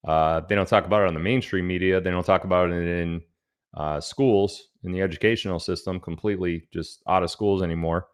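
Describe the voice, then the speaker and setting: Deep-voiced man hosting a rambling livestream. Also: steady tone, brisk, clear, resonant tone. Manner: rambling and joking, reading out viewer locations. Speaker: livestream host. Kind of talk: casual livestream chat.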